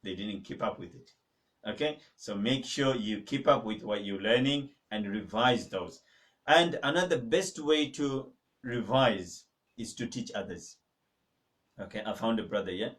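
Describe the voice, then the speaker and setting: A male teacher leading an online Arabic lesson at a measured, drilling pace. He repeats each word and has the students echo it, then urges them firmly to keep practising. His voice sounds a little distant from the microphone. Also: fairly low pitch, expressive, a bit bright. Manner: drills words slowly, makes students repeat; emphatic, exhorting. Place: mosque teaching room. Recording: voice a little far from the mic.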